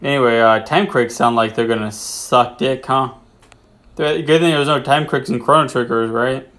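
A man's voice: medium pitch, fairly even intonation, moderate pace, a bit bright. A man giving offhand, crude, joking let's play commentary while playing a game. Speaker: gamer.

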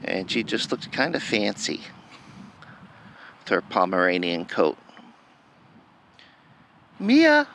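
A man's voice: sits low, a little slow, gravelly, pauses often, pushed and bright, slight background noise. A man presenting adoptable shelter dogs in an upbeat, chatty, playful way, as scripted narration for an adoption video. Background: background music.

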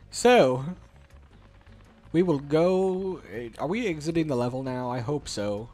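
A man's voice: mid-range voice, lively intonation, unhurried, darkish tone, soft background music. A man hosting a let's play, joking casually over his gameplay in a playful, slightly put-on British manner.

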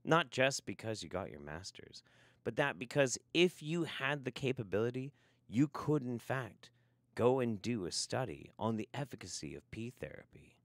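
Animated, sarcastic male streamer. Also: mid-range voice, moderate pace, no echo. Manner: sarcastic, swears freely, laughs often. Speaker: livestream host. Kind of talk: casual livestream chat.

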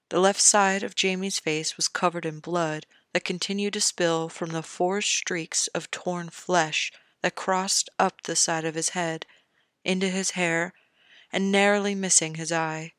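Slow, measured podfic narrator. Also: medium pitch, fairly bright tone, dry recording, clean studio sound. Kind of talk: fan fiction audiobook reading.

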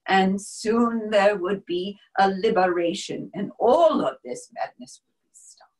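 A woman performing a first-person dramatic monologue as a brave wartime helper, grave and measured, sometimes dropping to a hushed whisper. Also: medium pitch, lightly acted, poor audio. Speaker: stage performer.

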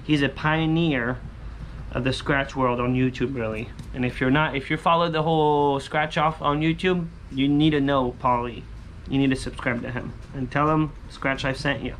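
A young man chatting through a scratch-off lottery vlog, repeating catchphrases and breaking into high excited yells. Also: moderate pace, slight background noise. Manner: bursts into high shouts and sing-song yells when winning; chatty, repeats catchphrases like "holy smokes" and "booyah". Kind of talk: casual excited vlog commentary.

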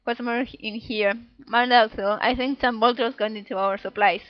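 A woman's voice: on the high side, fairly even intonation, moderate pace. Woman gamer narrating gameplay playfully. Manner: playful, giggly, reads game text in little voices. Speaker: let's play gamer. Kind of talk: casual gameplay commentary reading dialogue aloud. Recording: dull, dry home recording.

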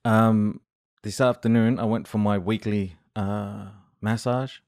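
A man's voice: on the low side, fairly even intonation, slow pace, a little mellow, no echo, studio quality. A man hosting a podcast, telling a story in casual chat with lots of fillers and bursts of laughter. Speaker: podcast host. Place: podcast studio.

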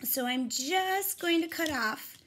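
A woman's voice: extremely high pitch, animated, slow pace, fairly bright tone, slight background noise. A woman teacher reading a picture book aloud and teaching rhymes to young children, talking straight to them in an encouraging way. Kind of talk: read-aloud phonics lesson for young children.

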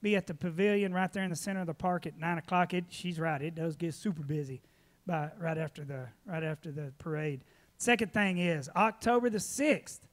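A man preaching at a church, telling folksy stories with lively laughter, then giving announcements. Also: on the high side, a little fast. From Texas. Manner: folksy storytelling, animated, laughing often. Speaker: pastor.

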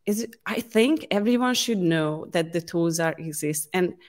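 A woman's voice: on the low side, expressive. Emotional woman host. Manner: emotional, halting, many restarts. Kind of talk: casual conversation.

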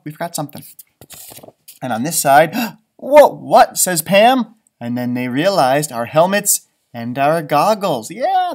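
A man's voice: fairly high pitch, a bit bright. A man, a teacher, reading a children's picture book aloud and chatting to young listeners about the pictures. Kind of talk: children's storybook read-aloud.

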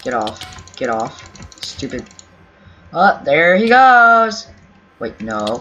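Slow rambling guy narrating a game. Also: a little high, big pitch swings, sharp tone, a little hiss or hum. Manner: rambling, self-talk, pleading and teasing. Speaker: gaming YouTuber. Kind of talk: casual gameplay commentary. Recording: dull lo-fi audio with faint game music. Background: keyboard typing and faint music.

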